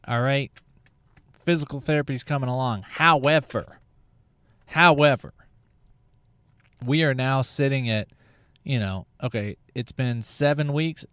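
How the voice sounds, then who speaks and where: A man's voice: medium pitch, a bit bright, clean tone, no room sound. A man hosting a podcast, talking in a casual comedic monologue that rambles, swears and drifts into tangents. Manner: rambling, profane, full of tangents and restarts. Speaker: podcast host.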